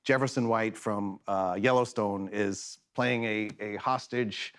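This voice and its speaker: A man's voice: on the low side, clean tone. Boston-accented man telling stories on a talk show. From Boston, USA. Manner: animated storyteller, quick asides. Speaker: actor, talk show guest. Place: television studio.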